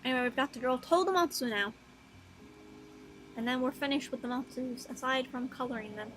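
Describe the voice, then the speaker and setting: A young woman streaming while she draws, rambling softly and casually, swearing now and then and talking to her drawn characters. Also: a little fast, a little hiss or hum, poor audio. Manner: soft, low-key, mumbling, with casual swearing.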